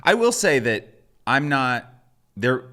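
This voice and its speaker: A man co-hosting a podcast in casual comedic chat, deadpan and teasing, reading listener emails aloud. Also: medium pitch, takes it slowly. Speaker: podcast co-host.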